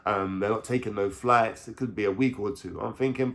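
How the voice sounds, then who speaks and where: A man, telling a story in his vlog in animated street slang and swearing heavily. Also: on the low side, brisk. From London. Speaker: vlogger.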